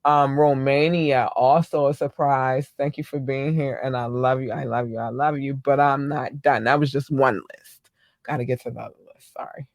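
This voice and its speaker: Her voice rumbles low, with fairly even intonation and a moderate pace, captured in clean studio sound with no room sound. This solo podcast host pours out gushing shout-outs, thanking and loving her listeners in a chatty way peppered with ums and slang.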